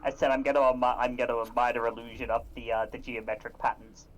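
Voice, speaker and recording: A woman playing a tabletop game, speaking casually and haltingly. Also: extremely low pitch, level tone, poor audio. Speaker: player.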